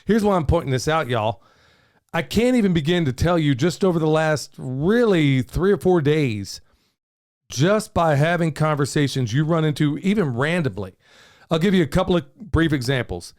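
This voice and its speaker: A man's voice: on the high side, animated, normal speed, a little mellow. A middle-aged man, hosting a casual podcast in an upbeat, folksy way. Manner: folksy, upbeat, says "y'all" often. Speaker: podcast host.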